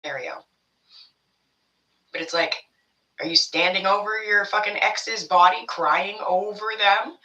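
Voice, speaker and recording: A woman's voice: medium pitch, measured pace, pauses often, sharp tone, recorded from a distance, highs cut off. A woman giving a casual spiritual tarot reading to her viewers, rambling and blunt, swearing freely as she talks. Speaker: tarot reader.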